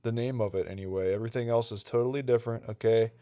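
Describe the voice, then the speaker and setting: A man hosting a retro gaming channel talks fast in a dark-toned, mid-range voice with fairly even intonation. His gameplay commentary is casual, laid-back, and rambling, peppered with "dude" and "okay."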